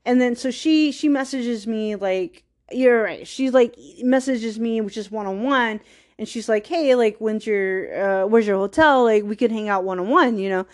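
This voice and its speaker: A woman's voice: fairly high pitch, normal speed. Rambling, wistful woman telling a story. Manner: rambling, says "like" constantly, self-deprecating; wistful, laughs at herself. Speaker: podcast host. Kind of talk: casual personal storytelling.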